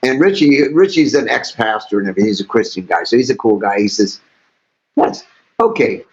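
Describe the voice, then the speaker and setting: An older man, a musician guest, telling animated stories in an interview with frequent laughter. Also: on the low side, fast. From St. Louis, USA. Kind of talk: storytelling interview. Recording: dull lo-fi audio.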